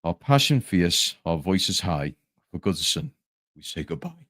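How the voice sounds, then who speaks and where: A man, a guest fan creator, chatting quickly and then reciting a poem in a steady rhythm. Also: low-pitched, dry recording, studio quality. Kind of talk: casual chat and reading a poem aloud.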